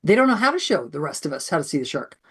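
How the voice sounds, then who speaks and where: A woman presenting a math education webinar with a sore throat, animated and acting out classroom scenes. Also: sits low, fast talker, slightly rough.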